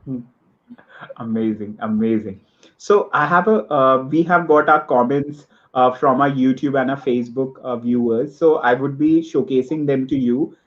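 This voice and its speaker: A man's voice: medium pitch, moderate pace, muffled recording. A male host of a live online interview, polite and formal, reading audience questions.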